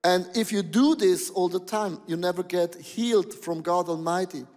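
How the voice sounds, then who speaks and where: A male pastor preaching a sermon in an animated, exclaiming way, with non-native phrasing, in a large church hall. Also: high-pitched, moderate pace. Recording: long hall reverb.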